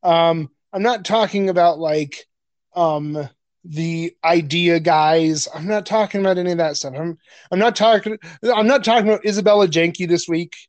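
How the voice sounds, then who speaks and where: A man's voice: sits high, moderate pace, dry recording. A man co-hosting a podcast in casual chat, crude and joking, laughing often and stumbling over his words. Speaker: podcast co-host.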